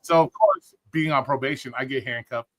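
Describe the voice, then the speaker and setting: A man's voice: mid-range voice, brisk, a bit bright. Blunt, profane man telling stories. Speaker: storyteller on a live stream. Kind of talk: casual storytelling.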